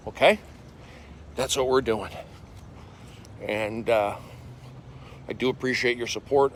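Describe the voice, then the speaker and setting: A man in his forties, a comedian livestreaming from his phone while walking outdoors. He speaks in casual chat, reads viewer comments aloud, and coughs and clears an irritated throat. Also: mid-range voice, slight background noise. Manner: animated, jumping from loud bursts to mumbled asides.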